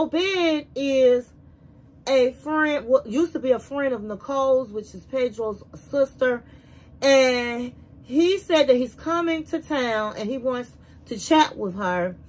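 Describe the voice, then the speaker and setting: High-voiced woman recapping a reality show. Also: rough recording. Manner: animated storytelling, conversational and opinionated. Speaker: YouTube reality-TV reviewer. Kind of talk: casual episode recap commentary.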